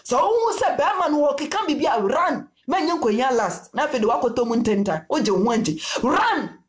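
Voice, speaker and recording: A woman's voice: sits high, expressive, fairly quick, reverberant. A woman preaching a sermon in Twi with English phrases, repeating her key lines again and again. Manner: repetitive call-and-response preaching, mixing Twi with English phrases. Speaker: prophetess preacher.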